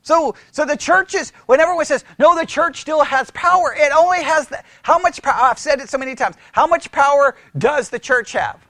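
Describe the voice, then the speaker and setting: A pastor teaching church history as a sermon-style lecture, animated, asking the room questions and often restarting his words. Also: very high voice, moderate pace, few pauses, dry recording, clean studio sound. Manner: animated, asks the room questions, mimics critics.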